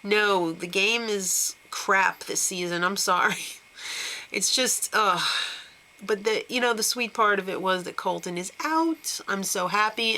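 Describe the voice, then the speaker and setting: Giggly, snarky woman with a bright voice. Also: mid-range voice, low-quality recording. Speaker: show recap host. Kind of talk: casual reality-TV recap.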